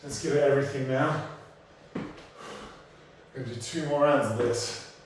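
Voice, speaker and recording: A man's voice: mid-range voice, moderate pace, far from the mic. Male fitness coach, winded, upbeat cueing, recorded off-mic in a very echoey room with faint hiss. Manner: energetic, encouraging cueing with countdowns. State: out of breath. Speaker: fitness instructor. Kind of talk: coaching a workout class.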